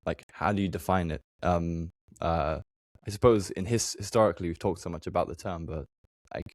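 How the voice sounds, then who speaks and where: A young man with a very deep voice asks exploratory questions in a podcast, circling his point with plenty of ums and likes. The recording is dry and close. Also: fairly quick, dry recording. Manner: tentative, searching questions with many fillers. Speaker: podcast host. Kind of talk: conversational podcast interview.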